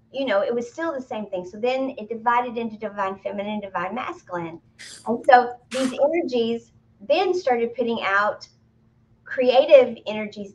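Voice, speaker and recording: A woman co-hosting a spiritual talk show, explaining her teachings in a casual, animated way with playful exclamations. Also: a little high. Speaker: spiritual medium co-host. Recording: muffled lo-fi audio.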